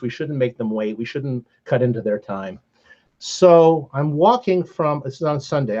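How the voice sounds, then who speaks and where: An older man, a podcast guest, telling stories in a relaxed, animated way, laughing now and then. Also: mid-range voice, breathy edge. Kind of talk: casual storytelling. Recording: slightly dull lo-fi sound.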